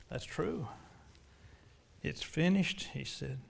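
A man preaching a sermon and leading a prayer, swinging from loud urgent preaching to hushed pleading. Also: fairly high pitch, measured pace, gravelly.

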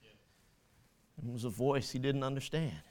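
A man's voice: mid-range voice, moderate pace, a little mellow. A man preaching a sermon, quoting scripture with rising fervor and making small slips and corrections as he goes.

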